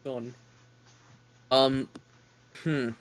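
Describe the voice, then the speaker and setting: A man's voice: medium pitch, flat delivery, drawn-out words. A young man hosting a casual podcast, joking and rambling, a little self-deprecating, speaking into a remote call mic. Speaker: podcast host.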